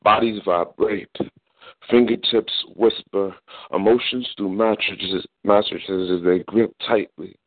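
Deep-voiced man reciting slow spoken word. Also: fairly even intonation, dry recording. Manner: low, hushed, unhurried delivery. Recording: dry phone-line audio.

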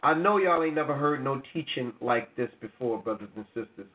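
A man's voice: medium pitch, expressive, fairly quick. A man co-hosting a Bible show, reading verses aloud and preaching directly to listeners. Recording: tinny phone-like audio.

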